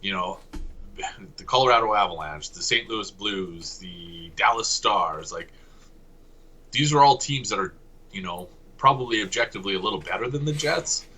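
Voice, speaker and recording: A man's voice: on the low side, lively intonation, moderate pace, sharp tone, low-quality recording. A man from Canada co-hosting a casual sports podcast, talking analytically and correcting himself as he goes. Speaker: podcast co-host.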